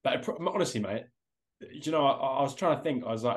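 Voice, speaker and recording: A man's voice: mid-range voice, lively intonation, fast. A man co-hosting a casual podcast, rambling and swearing offhand, calling everyone mate, over a video call. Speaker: podcast co-host. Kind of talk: casual chat.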